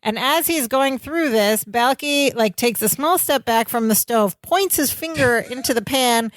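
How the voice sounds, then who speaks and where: A woman's voice: fairly high pitch, measured pace, no echo. A woman co-hosting a podcast, narrating scene details in casual chat and laughing often. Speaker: podcast co-host.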